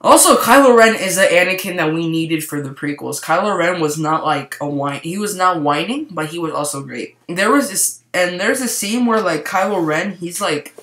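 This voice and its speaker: Rambling excitable guy in a roomy echo. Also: sits high, normal speed, few pauses. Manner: rambling, excitable, heavy use of "like". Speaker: movie reviewer. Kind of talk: casual spoiler review to camera.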